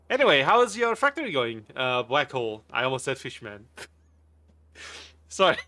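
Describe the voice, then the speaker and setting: Bright-voiced, giggly game streamer guy. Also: mid-range voice, very animated, unhurried. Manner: laughs often, greets chat viewers by name; playful, rambling, jokey. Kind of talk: casual live stream chat while gaming.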